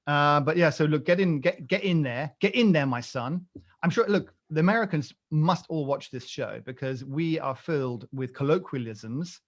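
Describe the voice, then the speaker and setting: A man's voice: on the high side, normal speed, few pauses, lo-fi sound. A British man co-hosting a coffee podcast, rambling and joking in a casual chat with lots of fillers and restarts.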